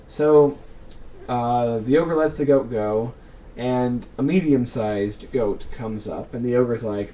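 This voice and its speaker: A young man answering viewer questions in a casual vlog, thinking aloud with lots of ums and pauses. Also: medium pitch, warm tone.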